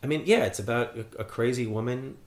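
A podcast co-host speaks at a quick pace in a mid-range voice while reviewing a film. He talks casually and at length, rambling, cursing freely and offering strong opinions.

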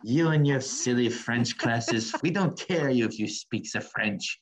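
A man voicing a haughty, scornful French-speaking local man in a slow, pompous, mocking way. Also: medium pitch, breathy edge.

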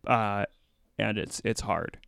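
A man's voice: lowish voice, slow pace, vocal fry, fairly bright tone, clear, resonant tone, no room sound, studio quality. A man co-hosting a podcast, rambling casually with many fillers and jokes. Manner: rambling, filler-heavy, jokey. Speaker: podcast co-host. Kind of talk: casual chat.

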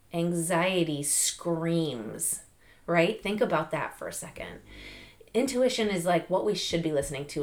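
A middle-aged woman hosting a podcast, giving an animated, chatty motivational talk with lots of fillers and laughs. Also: deep voice. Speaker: podcast host. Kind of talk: casual motivational monologue.

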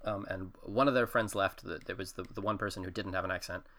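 A man's voice: sits low, fairly even intonation, fast talker, bright, forceful tone. A young man co-hosting a podcast, telling a long story in casual chat with many fillers, restarts and bursts of laughter. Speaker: podcast co-host.

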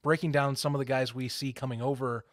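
A man's voice: medium pitch, steady tone, fast talker, no echo, clean studio sound. A man co-hosting a casual sports podcast, laughing often and teasing his partner. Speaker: podcast co-host.

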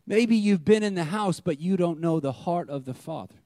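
Man, pastor, high voice, dry close sound, loud then hushed sermon delivery. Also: no room sound. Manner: swings from loud animated retelling to hushed, slow, intimate lines.

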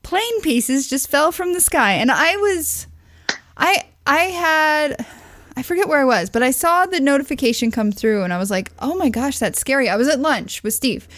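High-voiced woman podcast co-host. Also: lively intonation, moderate pace, a bit bright. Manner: chatty, drifts into asides. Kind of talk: casual chat. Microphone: remote call.

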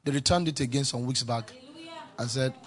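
A man's voice: mid-range voice, moderate pace. A man preaching a sermon as pastor, emphatic and calling out to the congregation for responses.

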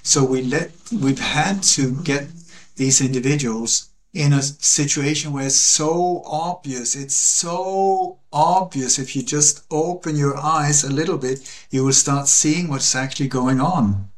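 Guy, earnest and emphatic, repeats stuff for weight, mid-pitch voice on a call. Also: a little slow. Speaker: interview guest. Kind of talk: passionate conversational monologue.

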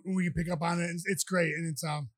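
A man who is a professional fighter, chatting as a podcast guest and telling rambling, animated anecdotes. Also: on the high side, fast. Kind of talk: casual storytelling.

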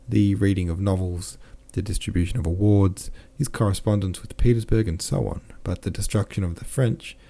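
A man's voice: low voice, mellow. A man hosting a podcast, reading a classic novel aloud with plain delivery and casual self-corrections and asides. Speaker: podcast host and audiobook reader.

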